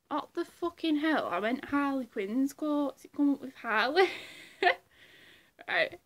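A woman's voice: high voice, lively intonation, slow pace, pauses often. A woman chatting casually in a vlog, rambling and self-deprecating, often repeating herself. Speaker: impressionist vlogger.

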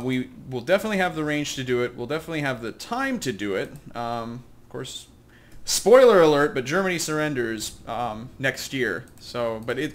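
A man talks through a video game at a mid pitch in a loose, meandering way, poking fun at his own choices and chuckling as he goes. Faint keyboard tapping sits quietly behind him. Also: slight background noise. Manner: rambling, self-deprecating, chuckling asides. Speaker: let's play host. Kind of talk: casual gameplay commentary.

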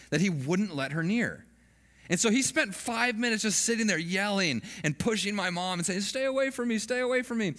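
A man's voice: high voice, fairly bright tone, in a large hall. A man giving an earnest, conversational sermon as a pastor, often restarting his phrases.

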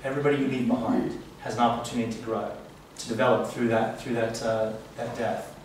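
A man's voice: mid-range voice, flat delivery, brisk. Earnest man lecturing in an echoey room. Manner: earnest, reflective teaching tone. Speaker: spiritual workshop speaker. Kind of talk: live talk to an audience. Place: event room. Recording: echoey room, distant mic, faint hiss.

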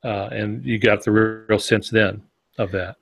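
A man co-hosting a podcast on fiction writing, explaining points in a relaxed, thoughtful way with examples. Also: fairly low pitch, a little slow, creaky, slightly rough, no room sound. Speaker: podcast co-host. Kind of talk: casual podcast discussion on writing.

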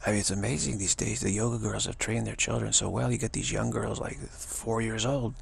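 A man's voice: steady tone, fairly quick, gravelly. A man giving a rambling spiritual talk, repeating himself and stammering on restarts. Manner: mocking high voices for quoted people. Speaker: spiritual teacher.

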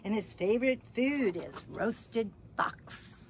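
A small, smart male mouse from a picture book, calm and courteous, voiced by a woman. He speaks in a sing-song rhyme with lively, wide-ranging pitch. His voice sits on the higher side and unhurried. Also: slight background noise. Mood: sly, teasing.

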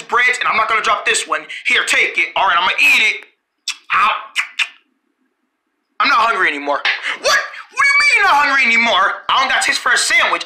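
A storyteller with a mid-range, pushed, bright voice improvises playful character play, acting out a bossy back-and-forth among several characters and switching voices along the way.

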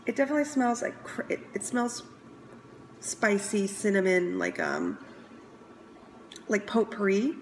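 A woman casually reviewing scents, chatty and enthusiastic, pausing to sniff and muse aloud. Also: mid-range voice, wildly swooping pitch, slight background noise, low-quality recording. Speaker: scent consultant reviewing products. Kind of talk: casual product review vlog.

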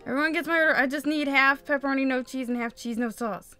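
A woman hosting a casual let's play, chatting excitably and exclaiming as she plays. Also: sits high, fast talker, faint music behind. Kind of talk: casual gameplay commentary. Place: home, in daytime.

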